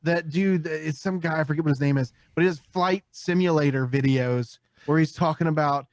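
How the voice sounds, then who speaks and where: A man hosting a casual podcast, telling stories with animated energy, often putting on voices and laughing. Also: fairly high pitch, brisk, dry recording. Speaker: podcast host.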